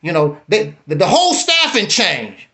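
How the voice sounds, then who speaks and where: A man telling his own story on a live stream, animated and repeating himself, then bluntly challenging the other speaker. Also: high-pitched, moderate pace, vocal fry.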